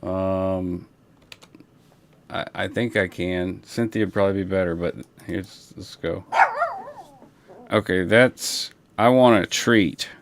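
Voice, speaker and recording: A man hosting a livestream, chatting casually and rambling in a relaxed way, talking through a broadcast console. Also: low voice, slow, long pauses, slight background noise. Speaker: livestream host. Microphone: broadcast console setup.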